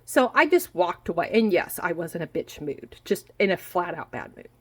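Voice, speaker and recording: A woman in her forties venting in a casual monologue, blunt and quick to swear, repeating herself for emphasis. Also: on the low side, very animated, husky, rough recording. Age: 40s. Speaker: vlogger. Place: home kitchen while food cooks. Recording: faint frying noise behind. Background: food sizzling in a pan.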